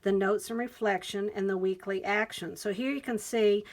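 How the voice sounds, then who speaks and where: A woman's voice: mid-range voice, steady tone, normal speed. A woman vlogger walking viewers through a new planner, chatty and enthusiastic as she describes each page. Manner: enthusiastic, chatty, reads quotes aloud. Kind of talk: planner flip-through walkthrough.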